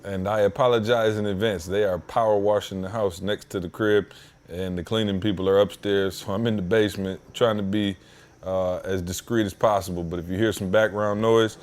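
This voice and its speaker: A man hosting a podcast from his home basement, telling a story in a casual, slangy, animated way that climbs in pitch when he gets worked up. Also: a little fast. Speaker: podcast host.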